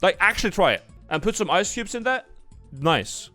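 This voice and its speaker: A young male streamer whose voice swings up and down in a lively way as he thinks aloud, blunt and profane. Soft music plays faintly underneath. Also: sits high, normal speed. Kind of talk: casual livestream commentary. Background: faint background music.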